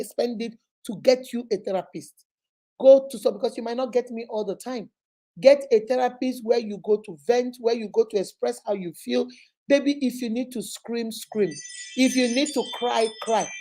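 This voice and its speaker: A woman's voice: on the high side, dark tone. Emphatic motherly woman giving advice. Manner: emphatic, repetitive, motherly, addresses listener as baby. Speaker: relationship advice host and child therapist. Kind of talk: live advice session.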